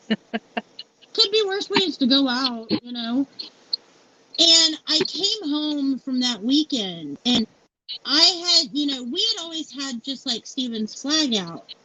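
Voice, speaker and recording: High-voiced woman telling a heartfelt story. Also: lively intonation, slow. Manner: candid and heartfelt, many fillers like "like" and "you know". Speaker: founder and CEO interviewed as guest. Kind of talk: emotional personal storytelling. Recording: dull lo-fi sound with faint noise.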